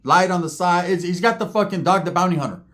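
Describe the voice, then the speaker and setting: A man's voice: sits high, fast talker, fairly bright tone. A man vlogging, telling comic stories in slangy, cursing talk and often asking the listener for agreement. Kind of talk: profane comic storytelling.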